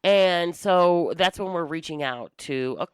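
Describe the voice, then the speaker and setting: A woman's voice: on the low side, unhurried, clean tone, no room sound. A woman co-hosting a podcast, bluntly venting about call center agents in a casual chat and swearing freely. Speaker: podcast co-host.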